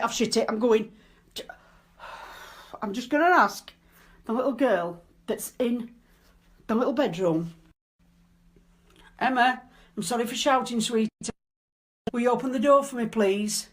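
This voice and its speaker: A frightened woman, filming herself alone in a dark house at night, pleading and swearing under her breath. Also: fairly high pitch, unhurried, long pauses. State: scared. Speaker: cleaner alone in a supposedly haunted house. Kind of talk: filming herself, talking to viewers and to a ghost.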